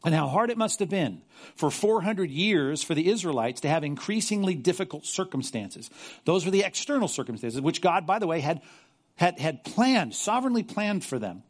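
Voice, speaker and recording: A man's voice: fairly high pitch, very animated, moderate pace. A man preaching a sermon and reading scripture aloud, earnest, often repeating words as he stresses a point. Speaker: pastor.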